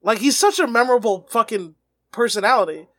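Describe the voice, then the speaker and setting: A man's voice: extremely high pitch, animated, fairly quick, no echo, clean studio sound. A man co-hosting a podcast, chatting casually and animatedly, laughing often and swearing. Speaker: podcast co-host.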